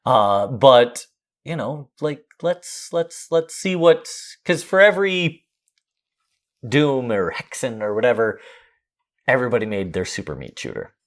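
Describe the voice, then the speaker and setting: Male podcast co-host, lively jokey game reviewer, mid-pitched voice with a wide swing. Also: a little slow. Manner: animated, laughing, jokey asides. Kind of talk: casual chat.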